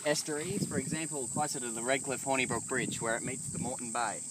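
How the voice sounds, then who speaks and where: Young Aussie guy, co-host, outdoor crabbing vlog, excitable, distant camera mic, heavy noise. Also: mid-range voice, quick pace. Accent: Australian. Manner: excited, exclaims loudly when handling crabs. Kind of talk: casual outdoor crabbing video. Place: outdoors by an estuary.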